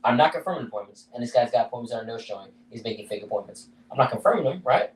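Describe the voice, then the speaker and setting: Quick-talking man asking probing questions. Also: mid-range voice, expressive. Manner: probing, lays out hypotheticals. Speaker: podcast co-host. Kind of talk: casual chat, pressing questions. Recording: roomy, distant mic.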